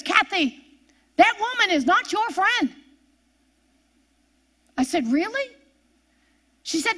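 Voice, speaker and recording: A woman's voice: very high-pitched, bright, forceful tone. An older woman preaching a fervent sermon, repeating her refrains and telling stories from her own life.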